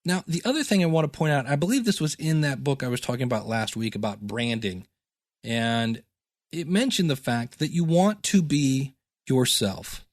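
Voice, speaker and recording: A man's voice: medium pitch, normal speed, dry recording, clean studio sound. A middle-aged man teaching podcasting in a chatty, self-deprecating solo talk with goofy asides.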